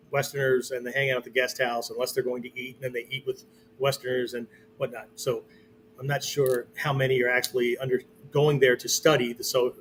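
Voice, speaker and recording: This whiteboard martial arts lesson comes from a man with a medium-pitched voice, a little hiss or hum in the background. Loose and conversational, he fills his explanations with fillers and nearly every phrase ends in "okay?" or "right?"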